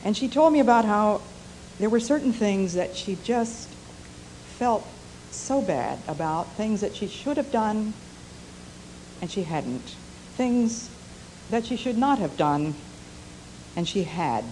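An older woman preaching a sermon through personal storytelling, speaking in a measured, earnest and reflective way. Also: medium pitch, animated, mellow, a little hiss or hum, low-quality recording.

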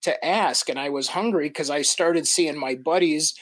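An older man from the American Midwest tells stories as a podcast guest, laughing and acting out what people said. His voice sits a little high for a man. The sound is dry and close, with no room around it. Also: normal speed, no room sound. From Midwestern United States. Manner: animated, laughs through stories, acts out quotes. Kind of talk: casual storytelling.

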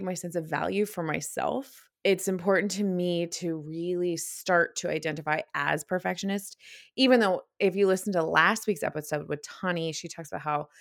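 A woman's voice: fairly low pitch, creaky, no echo, studio quality. Chatty, slightly breathless woman podcaster. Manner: chatty, candid, laughs often, swears casually. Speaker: podcast host. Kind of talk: casual solo podcast talk.

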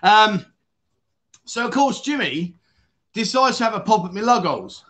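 A man's voice: sits high, very animated, moderate pace, a bit bright. Breathless British man chatting on a livestream. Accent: British English. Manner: chatty, jokey, rambling with self-corrections. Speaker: livestream host. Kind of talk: casual livestream chat.

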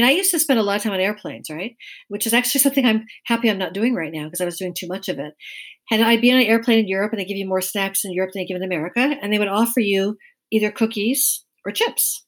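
A middle-aged woman with a soft, gentle voice, a guest chatting casually in an interview and telling stories with frequent laughs. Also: medium pitch. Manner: chatty storyteller, laughs often. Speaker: guest, Chinese medicine practitioner.

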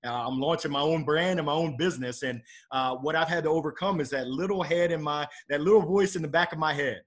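Man, middle-aged, podcast guest, motivational, upbeat, somewhat high-pitched. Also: quick pace, a bit bright. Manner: upbeat, motivational, faith-filled. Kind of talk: casual podcast conversation.

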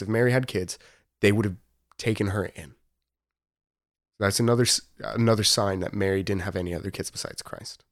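A young man hosting a casual faith podcast, talking earnestly and rambling, with frequent fillers and laughs. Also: fairly low pitch. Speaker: podcast host.

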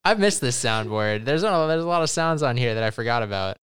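A woman co-hosting a recap podcast with a very low, smooth voice that moves lively up and down. Her humor is dry and teasing as she banters through the episode. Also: a little fast. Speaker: podcast co-host. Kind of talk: casual recap chat.

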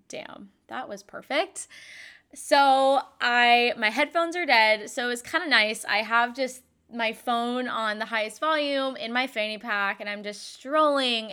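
Woman, young adult, podcast host, casual storytelling, smooth clear voice. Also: on the high side, bright, forceful tone. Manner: chatty, frequent "like" fillers, yawns and laughs.

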